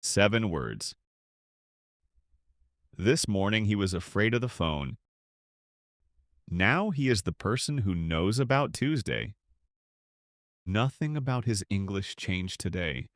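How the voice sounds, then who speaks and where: A man teaching beginner English in a slow, clear, scripted way, pausing so listeners can repeat. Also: on the low side, lively intonation, no echo, clean studio sound. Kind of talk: slow scripted lesson for learners.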